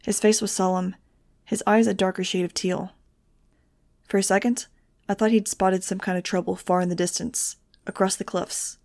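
A woman reading a novel aloud in the first person, with a steady, measured delivery. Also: mid-range voice, no room sound, clean studio sound. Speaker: audiobook reader.

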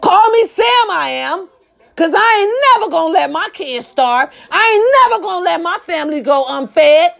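A woman ranting to camera, blunt and profane, firing rhetorical questions and swinging between shouting and low muttered asides. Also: lively intonation, normal speed, gravelly. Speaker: social media commentator. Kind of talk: impassioned rant to camera.

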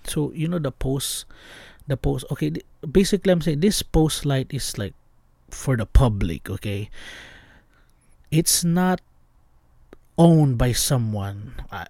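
A young man hosting a podcast, telling a scary story in casual chat, excitable and slangy, dropping to hushed tones at tense parts. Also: mid-range voice, measured pace, gravelly, long pauses, no room sound. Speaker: podcast host.

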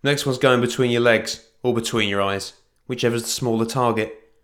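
A man's voice: mid-range voice, moderate pace, natural voice. A man voicing a fierce, blunt female ranger who snarls threats. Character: fierce young woman ranger, blunt and sharp-tongued.

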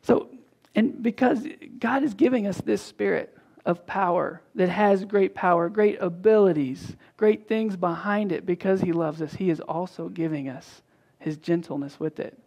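Pastor preaching a sermon, conversational, restarts and repeats often, mid-pitched voice, acts out the dialogue in stories. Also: normal speed, vocal fry, a little mellow. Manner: frequent restarts and repetitions.

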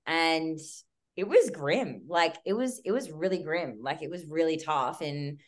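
A young Australian woman on a podcast tells a story in a rushed, animated way. She scatters "like" through every sentence and swears freely. Her voice sits a little low in pitch. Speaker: guest. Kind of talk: casual chat.

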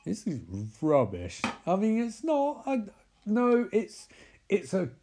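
A man's voice: sits high, wildly swooping pitch, takes it slowly, noisy background. Rambling, profane man. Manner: rambling, profane, self-interrupting. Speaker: film recapper. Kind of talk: casual comic film recap.

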